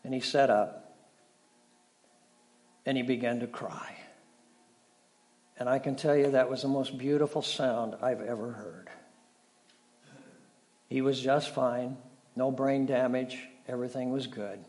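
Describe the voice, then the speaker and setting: A middle-aged male pastor preaching a sermon, telling stories with dramatic shifts between loud and soft. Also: medium pitch, fairly even intonation, measured pace, long pauses. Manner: storytelling, dramatic shifts in volume.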